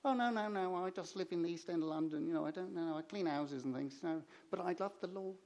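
A man's voice: a little high, fast talker, a little mellow, pitched above the performer's own voice, natural voice. A man doing a gushing little Cockney lady. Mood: delighted. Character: little elderly Cockney cleaning lady, cheerful and devout.

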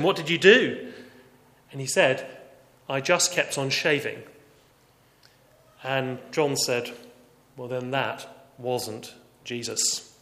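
A man preaching a sermon earnestly, moving between raised emphasis and quiet, reflective passages. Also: mid-range voice. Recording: echoey hall reverb.

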